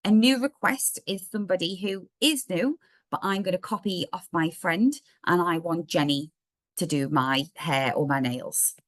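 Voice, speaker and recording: A woman with a slightly croaky voice, chatting through a software demo step by step in a live online workshop. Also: lowish voice, normal speed, no echo. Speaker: software trainer.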